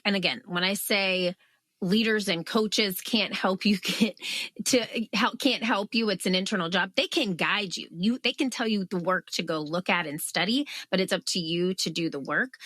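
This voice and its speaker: Her mid-range voice comes through on a dry recording as this author, a woman in her thirties, guests on an interview podcast. She recounts her story vividly, even performing the outbursts she once had.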